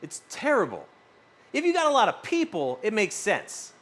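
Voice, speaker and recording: A man chats with his live-stream audience in a loose, rambling way, swearing freely. His voice sits a bit high and swings widely, jumping up for excited reactions. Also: moderate pace. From US West Coast. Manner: animated, swearing, rambling storytelling. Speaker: streamer reading chat. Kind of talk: casual live-stream chat.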